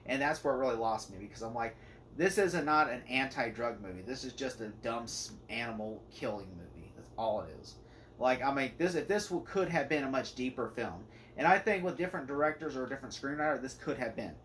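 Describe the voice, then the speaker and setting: A man talks through a movie review in a loose, rambling rant, full of strong opinions and restarts. He leans on "like" over and over as he circles his points. His voice sits at an ordinary middle pitch for a man. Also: lively intonation, fairly quick, fairly bright tone, slight background noise. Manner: rambling and opinionated, heavy use of "like".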